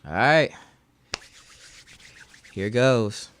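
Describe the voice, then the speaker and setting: A man's voice: medium pitch, lively intonation, drawn-out words, fairly bright tone, dry recording. A young man streaming live, chatting casually with his chat in a laid-back, slangy way.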